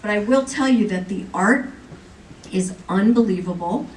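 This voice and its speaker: A comics editor, a woman with a mid-range voice speaking at normal speed, presents on a convention panel, joking and chatting lively with the audience. A distant camera in the crowd captured her in a large, echoey hall with faint background noise.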